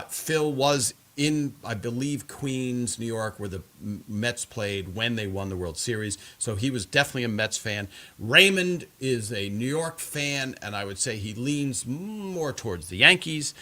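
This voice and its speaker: A man's voice: medium pitch, pushed and bright. A man hosting a live stream, chatting casually and reading viewer comments in a rambling way full of fillers.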